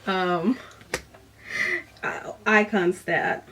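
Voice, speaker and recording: A woman's voice: on the low side, steady tone, extremely slow, sharp tone, slight background noise. Rambling woman chatting about a book. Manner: rambling, lots of "like" fillers and sighs. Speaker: book reviewer. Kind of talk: casual book review chat.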